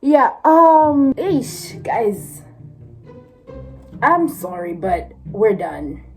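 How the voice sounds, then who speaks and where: Giggly young woman with a lively voice. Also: on the high side, drawn-out words, soft background music. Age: 20s. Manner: giggly, exclaiming, laughing through pain. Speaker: vlogger. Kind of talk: casual vlog chat. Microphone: phone camera.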